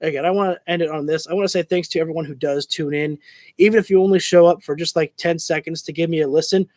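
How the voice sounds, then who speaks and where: A man doing live watch-along commentary of a wrestling show, excitable, shouting and cursing at the action, sometimes tripping over his words. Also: on the high side, fast talker, dry recording. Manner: rambling, stumbles over words.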